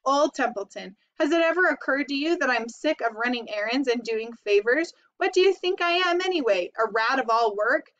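A woman's voice: on the high side, moderate pace, few pauses, a bit bright, natural voice. A lazy, sarcastic rat who grumbles and mocks everyone, as a woman reading the storybook puts him on. The recording is dull and lo-fi.

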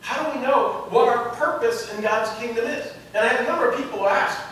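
A man preaching a sermon as pastor, telling a story and building to loud, emphatic peaks. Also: sits high, fast, a little hiss or hum. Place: church sanctuary. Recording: echoey sanctuary, mic from a distance.

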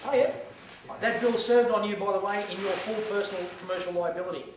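A man's voice: sits high, fast. An Australian man giving a blunt, profane lecture to a live audience, telling stories from his own life. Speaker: seminar speaker. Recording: echoey hall from far off, faint noise.

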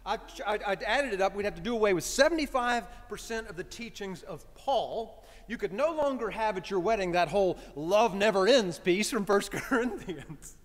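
A priest preaching a conversational, story-driven sermon. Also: male voice, high-pitched, expressive, normal speed, few pauses. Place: church sanctuary. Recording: reverberant church hall.

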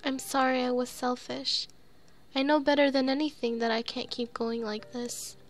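A woman's voice: sits high, flat delivery, normal speed. A woman voicing a timid, tearful young woman in a horror game, reading her pleading, self-blaming lines aloud. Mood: sad.

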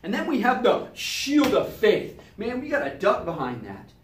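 A man teaching a lively Sunday school Bible lesson who acts out little scenes with sound effects and voices. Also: high-pitched, moderate pace, slight background noise. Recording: echoey room, mic at a distance.

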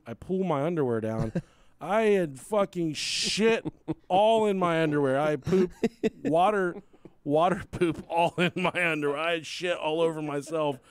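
A man hosting a podcast, telling a crude, animated story casually with frequent laughter. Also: on the high side, moderate pace, smooth, dry recording. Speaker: podcast host.

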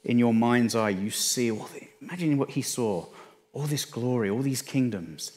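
A man with an English accent, a pastor delivering a sermon in a conversational way, often dropping his voice low for emphasis. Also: animated, normal speed. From England. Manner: conversational, restarts phrases, dips quiet for emphasis.

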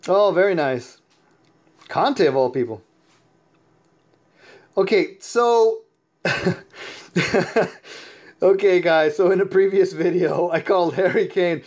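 A tired, sleepy man giving chatty, excitable gameplay commentary as host of his own channel, laughing often. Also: high-pitched, slow pace, long pauses. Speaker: mobile game player and YouTube host.

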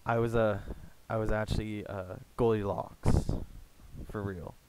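A young American man chatting casually in a rambling, halting way, full of fillers and restarts. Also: on the low side, steady tone, darkish tone, a little hiss or hum, low-quality recording. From United States. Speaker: gaming YouTuber. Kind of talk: casual rambling vlog chat.

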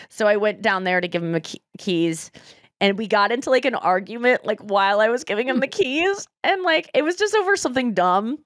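A woman's voice: on the high side, no room sound, studio quality. A woman in her thirties hosting a podcast, telling candid stories with lots of fillers and laughs. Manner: candid, giggly storytelling with many fillers. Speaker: podcast host. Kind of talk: casual chat.

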